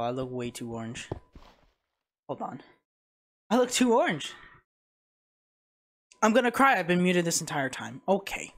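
A man streaming a casual let's-play, with a voice that leaps up and down as he reacts. He jumps from muttering to loud yelps at whatever happens on screen. Recorded on a home streaming mic. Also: high voice. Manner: excitable, reacts loudly to the game. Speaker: gaming streamer.

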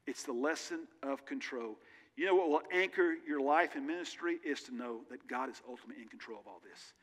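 Speaking fairly quickly in an expressive mid-range voice, a male pastor gives an earnest, conversational sermon with candid personal asides. The recording was made in a church sanctuary, echoing with a large hall's long reverb.

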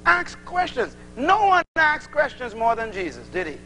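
A man's voice: very high-pitched, moderate pace, a little hiss or hum, rough recording. A man preaching a sermon to a congregation, acting out little dialogues as he teaches. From Bahamas. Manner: animated, acts out little dialogues.

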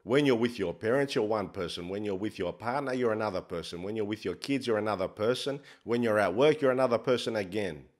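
A man's voice: on the low side, fast talker, hardly any pauses, lightly acted. A man playing a brash, crude life coach, swearing in a swaggering, mock-profound comic monologue. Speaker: comedy character host.

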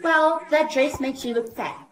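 A synthetic woman as a sassy, high-voiced schoolgirl. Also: unhurried, echoey room, poor audio. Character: sassy schoolgirl with a mind-control power.

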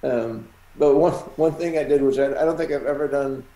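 A man with a gravelly, mellow voice, recalling his methods as a guest comic artist. He speaks in a measured, halting way. He sounds like he is in an echoey room. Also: mid-range voice. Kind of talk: casual chat.

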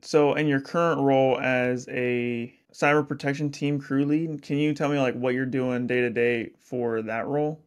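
An upbeat man hosts a relaxed interview, talking in a chatty, friendly way with a lot of "like" fillers. His voice sits at an everyday middle pitch. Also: normal speed, hardly any pauses, smooth. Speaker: podcast host. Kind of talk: casual interview chat.

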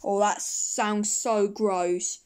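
A woman voicing an excitable penguin friend who is quick to take offense, in a toy play-acting style. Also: mid-range voice, clear, resonant tone. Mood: disgusted.

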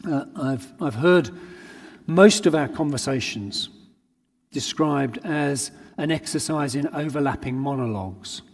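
A man's voice: mid-range voice, animated, measured pace. A man giving an earnest sermon at a conference, drawing on everyday anecdotes to make his points. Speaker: conference speaker. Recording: long hall reverb.

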